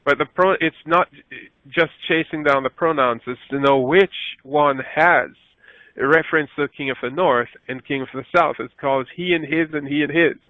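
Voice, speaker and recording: A man leads a scripture lesson, and his voice goes up whenever he reads the verses aloud. He pauses to fix his own mistakes as he goes. The sound is thin and phone-like, with a dry, close feel. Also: dry recording. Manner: rises in pitch when reading scripture aloud, self-correcting. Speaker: Bible teacher.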